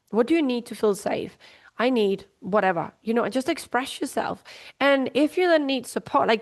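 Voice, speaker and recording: A woman hosting a life coaching podcast from home, talking casually and acting out little voices as she explains. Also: fairly high pitch. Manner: chatty, acts out little voices, swears casually. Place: at home, sitting down.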